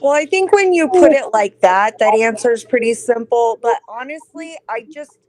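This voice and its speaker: A woman's voice: on the high side, lively intonation, normal speed, darkish tone. Give me a laughing, chatty woman guest on a video call. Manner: chatty, apologetic, laughs often. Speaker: guest, host of a politics show. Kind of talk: casual online show chat. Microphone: computer mic on a video call.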